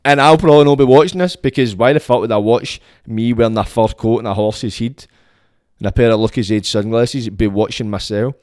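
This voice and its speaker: A Scottish man hosting his own podcast in a crude, rambling comic monologue, full of swearing and sudden jumps between loud bursts and low mutters. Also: fairly quick, dry recording, studio quality. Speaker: podcast host.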